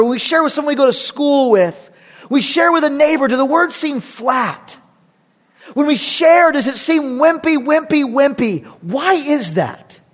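A man pastor preaching a sermon, emphatic and repetitive, with humorous asides between his points. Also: very high voice. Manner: emphatic, repetitive, rising and dropping for effect.

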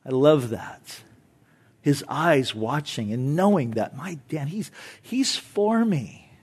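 A middle-aged man preaching to his church, his fairly high voice swinging from emphatic, excited stretches to soft, hushed moments. He talks in a conversational way, with quick asides to the congregation. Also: breathy edge. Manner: drops to soft, hushed tones for tender points. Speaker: pastor. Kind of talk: sermon. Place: church sanctuary.

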